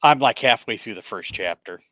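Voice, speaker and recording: A man chatting casually over voice chat, halting and trailing off mid-sentence. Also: lowish voice, lively intonation, bright, forceful tone. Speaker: book writer in the chat.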